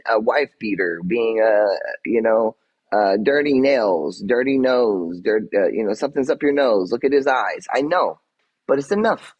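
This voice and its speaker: Man, agitated livestream rant, defensive, swearing, raspy voice, muffled lo-fi sound. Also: fairly low pitch, a little mellow. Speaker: livestreamer answering chat.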